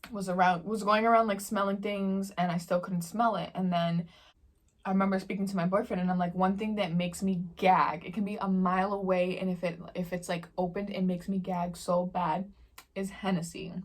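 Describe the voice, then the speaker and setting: A woman's voice: mid-range voice, little pitch movement, moderate pace. A young woman vlogger chatting casually in slangy storytelling while she eats on camera. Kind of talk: casual mukbang Q&A chat.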